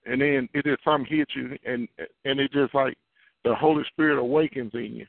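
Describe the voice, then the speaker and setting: A gravelly, medium-pitched male voice with fairly even intonation preaches a little fast; he is a prophet giving an earnest, confessional sermon, repeating key phrases as he goes. The tinny phone-line audio is dry, with no echo.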